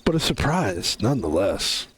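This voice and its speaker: Excitable young man streaming a game. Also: on the low side, normal speed, a little hiss or hum, poor audio. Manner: excitable, rambling, laughing often. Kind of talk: casual live-stream chat.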